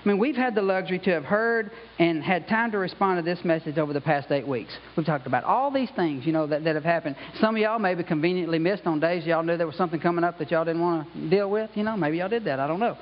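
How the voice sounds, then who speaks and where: A man delivers a conversational sermon, sprinkling in "you know" and "okay" as he goes. His voice sits high for a man. The recording sounds dull and carries a long reverb from the church sanctuary. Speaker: pastor.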